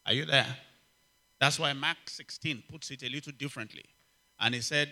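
A man preaching a sermon, emphatic and repetitive, calling out to the congregation and swinging from loud exclamations to quiet asides. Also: mid-range voice, normal speed. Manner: emphatic, repeats key phrases, asks the congregation for response. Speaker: pastor.

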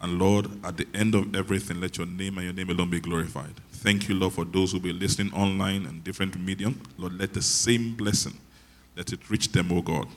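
Male pastor, very low voice, quiet conversational preaching, dry humor. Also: steady tone, fairly quick. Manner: soft-spoken, conversational teaching, self-deprecating humor. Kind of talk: sermon.

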